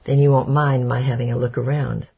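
A man's voice: medium pitch, flat delivery, fairly quick, gravelly, darkish tone, breathy edge. A man voicing a cold, businesslike army captain in a storybook reading, snappish in manner. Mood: cool. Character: German captain, cool and menacing.

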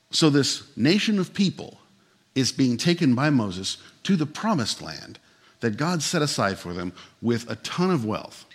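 A man's voice: mid-range voice, animated, normal speed. A man preaching a sermon as pastor, telling stories in an easy, conversational way with some humor, and turning earnest and emphatic when he makes his point.

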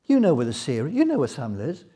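Man putting on shy young women, flustered, stammering, quick and a little higher, husky tone. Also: wildly swooping pitch, mellow, exaggerated voice. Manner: hurried, stammering, giggly. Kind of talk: Bible story retelling.

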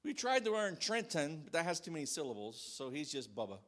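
A man in his thirties preaching a sermon to a congregation in a church, animated and shouting out quoted calls. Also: on the high side, brisk. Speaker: pastor.

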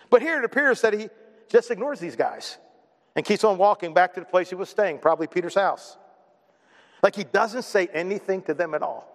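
A high-pitched male pastor preaching with emphatic, repetitive build-ups. His voice rings out with a long reverb, as if filling a large hall. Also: a bit bright. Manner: emphatic, builds with repeated phrases. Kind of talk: sermon.

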